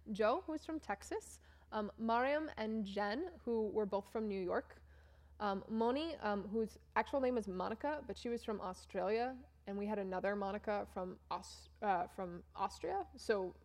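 Chatty young woman telling a trip story. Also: mid-range voice. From Maine, USA. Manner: chatty, self-mocking, animated and laughing. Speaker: church mission trip speaker. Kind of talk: casual storytelling talk with slides.

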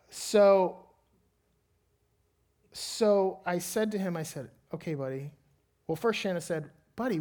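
A man, a father of a young child, preaching as a pastor and telling a lively personal story before slowing into earnest prayer. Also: sits high.

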